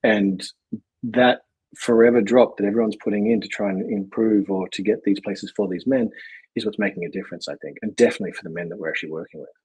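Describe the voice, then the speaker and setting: A man's voice: fairly low pitch, fast talker, darkish tone, breathy edge, poor audio. A man guesting on a podcast, talking reflectively and rambling with restarts. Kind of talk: casual conversation.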